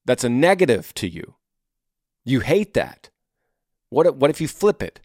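A man hosts a casual advice show and answers listener emails in an earnest, coaching way. He acts out his listeners' worries in little voices. His voice sits at a middle pitch, recorded dry and close. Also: big pitch swings, moderate pace, pauses often, a little mellow, dry recording.

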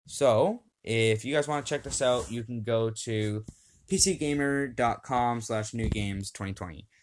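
A man's voice: medium pitch, unhurried, slight background noise. A young man hosting a casual home podcast, upbeat and rambling, with many fillers, reading lists off a screen. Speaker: podcast host.

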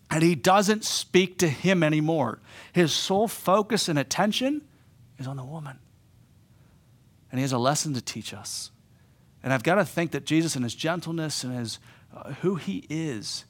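A middle-aged man preaching with lots of energy, his voice sitting a little high for a man. He swings from loud, driving emphasis down to quiet, tender stretches. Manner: animated preaching, voicing quoted speakers, drops to soft emphasis. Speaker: pastor. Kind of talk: sermon.

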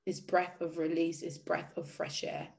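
A woman's voice: on the low side, little pitch movement, measured pace, creaky, darkish tone. Tearful woman giving a faith talk. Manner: emotional, earnest, repeats phrases for emphasis. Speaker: spiritual speaker. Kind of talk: inspirational faith talk to a group.

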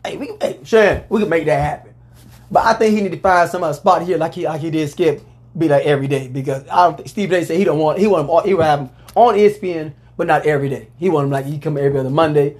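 A man hosting a casual sports talk show, talking in a loose, rambling way and letting out loud whoops. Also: fairly high pitch, fast talker.

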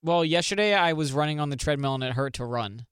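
A man's voice: a little high, expressive, fast, a bit bright, clean tone, no room sound, clean studio sound. A young man co-hosting a podcast in casual chat, joking and swearing freely. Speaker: podcast co-host.

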